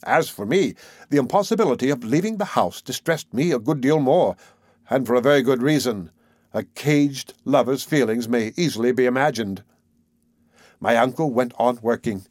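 A man narrating a classic adventure story in the first person, measured and expressive. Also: mid-range voice, dry recording, studio quality. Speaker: audiobook narrator.

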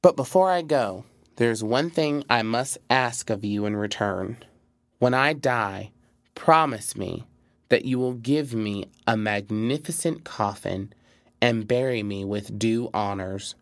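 A man's voice: lowish voice, a little slow, no room sound, clean studio sound. A man voicing a sly, clever male fox who schemes with urgent, persuasive words. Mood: earnest.

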